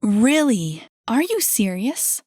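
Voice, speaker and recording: A woman voicing a brisk, friendly woman who manages a club, emphatic and quick to exclaim. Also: a little high, expressive, no room sound, studio quality. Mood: astonished.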